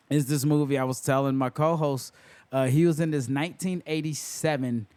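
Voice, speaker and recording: A man co-hosting a film podcast, talking casually with lots of fillers and laughs. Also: a little high. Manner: animated, laughs often, many fillers. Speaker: podcast co-host.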